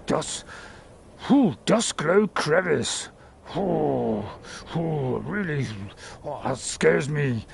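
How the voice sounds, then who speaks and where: A man voicing a timid female companion who is easily frightened, with slow, drawn-out worried exclamations. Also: sits low, expressive, gravelly, a little hiss or hum, full character voice. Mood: mock-fearful.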